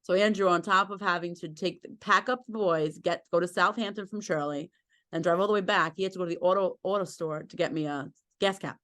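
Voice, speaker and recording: A woman's voice: lowish voice, steady tone, fairly quick, fairly bright tone. A woman chatting on a podcast, telling rambling, self-deprecating stories and laughing at herself. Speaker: podcast guest, host's wife. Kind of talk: casual chat.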